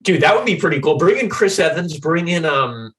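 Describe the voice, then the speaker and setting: A man's voice: fairly high pitch, expressive, fairly quick, a bit bright, far from the mic. A man co-hosting a podcast, chatting casually about games in a laid-back way, laughing easily and swearing offhandedly. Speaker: podcast co-host. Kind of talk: casual gaming chat.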